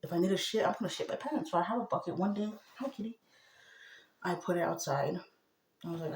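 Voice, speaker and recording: A woman talking to the camera in a rambling personal monologue, agitated, going from a low murmur to loud outbursts. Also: lively intonation, fast, long pauses, reverberant, a little hiss or hum.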